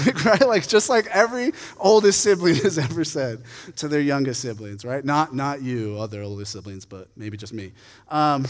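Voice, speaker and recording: Male Bible teacher, higher-pitched, reads scripture then riffs casually; hall echo. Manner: chatty, laughing asides, lots of "like". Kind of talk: scripture reading and casual commentary. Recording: long hall reverb.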